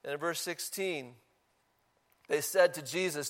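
A man's voice: a little high, normal speed. A man preaching a sermon in a church, talking casually and asking the congregation questions. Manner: conversational, asks the congregation questions. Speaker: pastor.

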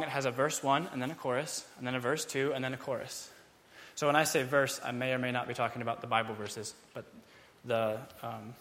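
A man giving a Bible teaching, explaining a psalm in a casual, animated way and acting out its feelings. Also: mid-range voice.

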